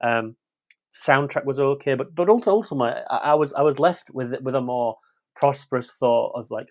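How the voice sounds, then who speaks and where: A man talks through a film review in a loose podcast chat. He is blunt and curses freely, tripping over his own restarts. His voice sits at an ordinary middle pitch. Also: fairly quick. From West Yorkshire, England. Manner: frank and blunt, swears freely, tumbling restarts.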